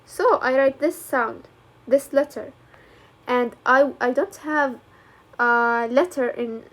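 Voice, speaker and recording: A woman teacher walks through a lesson step by step. She talks in a fairly high voice. She moves easily between English and colloquial as she explains. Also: slow, a bit bright. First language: Arabic.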